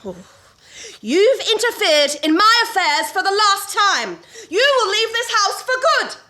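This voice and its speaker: An actress playing a sweet, doting young wife in an amateur radio play, sugary and dramatic. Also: female voice, extremely high pitch, big pitch swings, unhurried, pushed and bright, full character voice.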